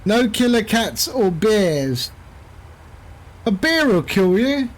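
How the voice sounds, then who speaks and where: A man's voice: high voice, sing-song, slow. A man streaming a flight simulator, chatting casually and rambling with jokey asides to his viewers. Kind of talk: casual chat while flying a sim.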